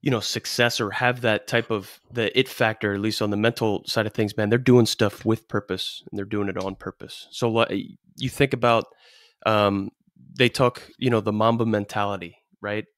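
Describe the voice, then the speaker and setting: A podcast co-host with a lowish, slightly bright voice speaks at a moderate pace with fairly even intonation, recorded dry. He gives emphatic advice in a casual coaching chat, packed with rhetorical questions and "dude."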